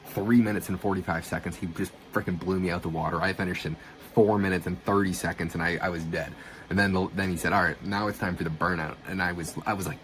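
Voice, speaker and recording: Deep-voiced man telling a story casually. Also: slight background noise. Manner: swearing, animated retelling with quoted dialogue. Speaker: vlogger.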